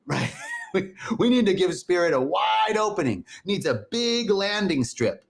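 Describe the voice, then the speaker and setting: A man's voice: on the high side, lively intonation, moderate pace. A man giving an inspirational spiritual talk, earnestly repeating affirmations aloud and adding folksy, joking asides. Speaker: spiritual teacher.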